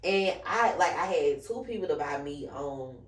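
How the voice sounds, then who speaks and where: A woman hosting a podcast, chatting casually and telling a personal story in an animated way, acting out the voices of the people she quotes. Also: sits low, moderate pace. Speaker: podcast host. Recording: roomy echo, mic at a distance.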